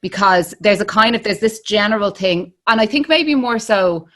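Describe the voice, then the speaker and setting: A woman's voice: medium pitch, expressive, normal speed, fairly bright tone. An Irish woman in her thirties hosting a podcast, chatting casually with lots of restarts and fillers. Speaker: podcast host. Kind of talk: casual interview chat.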